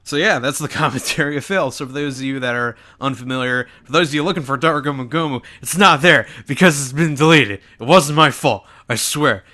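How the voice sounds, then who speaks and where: A man's voice: medium pitch, brisk, few pauses, pushed and bright. A young man hosting a gaming channel, giving rambling, self-mocking commentary over an old video of himself.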